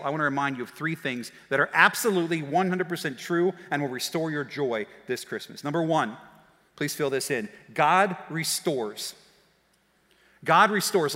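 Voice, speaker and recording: A man preaching a sermon as pastor, telling stories in a lively way that swings from quiet asides to shouts. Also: on the high side. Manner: animated storytelling, shouting and quick laughs. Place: church auditorium. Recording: long hall reverb.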